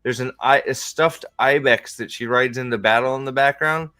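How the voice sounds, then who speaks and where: A man's voice: medium pitch, moderate pace, sharp tone. A man hosting a podcast in a rambling, mocking, comedic rant. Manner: rambling, mocking, with frequent restarts. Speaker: podcast host.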